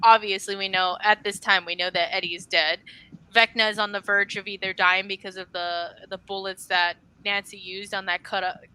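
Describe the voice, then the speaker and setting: Bright, bubbly woman podcaster. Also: medium pitch, moderate pace, clean tone, low-quality recording. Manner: emphatic, animated, swears casually. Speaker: podcast co-host. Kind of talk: casual chat.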